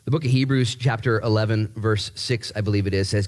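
A man preaching a sermon in a lively, joking way, repeating words and jumping up in pitch to stress a point. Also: brisk, hardly any pauses. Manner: animated, jokey, repeats himself, voice jumps high for emphasis. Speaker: pastor.

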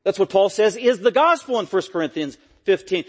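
Emphatic preacher, man, fairly high voice. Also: expressive, brisk. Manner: emphatic, rising to loud peaks then dropping low; repetitive, stressing key phrases. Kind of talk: expository sermon.

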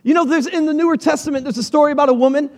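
A man preaching a sermon from a church stage, energetic and animated, firing rhetorical questions at his congregation. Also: very high-pitched, rapid-fire, long reverb tail. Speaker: pastor.

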